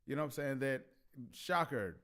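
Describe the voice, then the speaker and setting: A man's voice: mid-range voice, expressive, normal speed, fairly bright tone. A man hosting a casual commentary vlog who laughs often and stammers through restarts. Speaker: vlog host.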